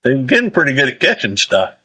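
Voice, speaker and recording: A man's voice: medium pitch, wildly swooping pitch, pushed and bright, poor audio. Rambling man chatting on a livestream. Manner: rambling, halting, full of fillers. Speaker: livestream host. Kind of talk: casual livestream chat while eating.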